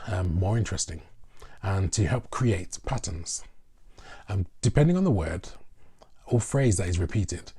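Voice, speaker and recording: Low, husky-voiced male teacher. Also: dark tone. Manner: slow, deliberate, with fillers. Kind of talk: explanatory lesson.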